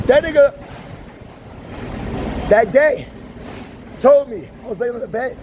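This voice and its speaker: A man's voice: very high voice, measured pace, pauses often. A man telling wild personal stories in a casual, profane, laughing manner, outdoors by a street. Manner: profane, laughing, animated storytelling. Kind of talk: casual storytelling. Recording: loud street traffic noise.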